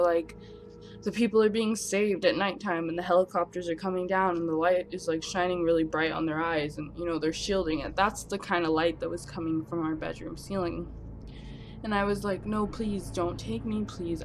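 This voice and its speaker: Young woman doing a storytime vlog, talks super fast when nervous, music playing clearly underneath. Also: mid-range voice. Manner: animated, breathless storytelling. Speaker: vlogger.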